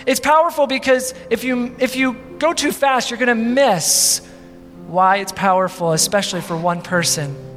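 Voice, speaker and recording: A man's voice: extremely high pitch, normal speed, fairly bright tone, big-room sound, faint music behind. A man preaching a sermon as pastor, dramatic, with rhetorical questions and acted-out scenes. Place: church.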